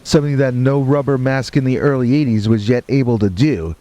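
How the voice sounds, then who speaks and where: A man narrating a first-person horror story in a deadpan, matter-of-fact way with wry asides, with rain and thunder behind him. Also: mid-range voice, brisk, background noise.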